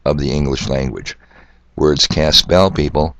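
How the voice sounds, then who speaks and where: Gravelly deep-voiced older man ranting. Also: moderate pace, bright, forceful tone, dry recording. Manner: rambling, sardonic, preachy, with rhetorical questions; spells out words letter by letter. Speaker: podcast host. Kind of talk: solo monologue podcast.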